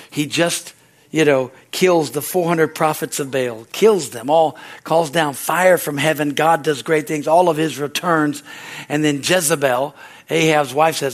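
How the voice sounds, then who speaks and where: Animated man preaching a sermon. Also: fairly high pitch. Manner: conversational preaching with frequent "Amen?" and "Hallelujah"; acts out quoted voices, rising loud at peaks and dropping soft. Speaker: pastor.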